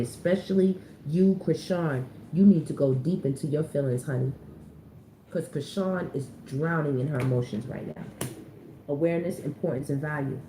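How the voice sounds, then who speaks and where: A woman's voice: low voice, dark tone, a little hiss or hum. A woman reading tarot cards in a casual, chatty way, full of slang and repeated phrases for emphasis. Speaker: tarot reader. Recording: roomy echoey recording.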